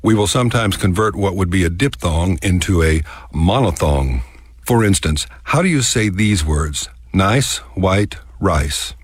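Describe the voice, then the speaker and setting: A Texas man with a very low, slightly husky voice tells a scripted radio story in an easy, folksy way. He stretches his vowels slowly when he shows how words are said. The studio sound is dry and close. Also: lively intonation, no room sound. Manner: folksy, drawn-out demonstration of words.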